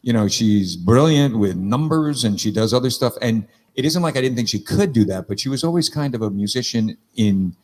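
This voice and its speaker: A man's voice: mid-range voice, lively intonation, fairly quick, hardly any pauses, a little mellow. A middle-aged man telling stories in a rambling, casual chat, swearing freely.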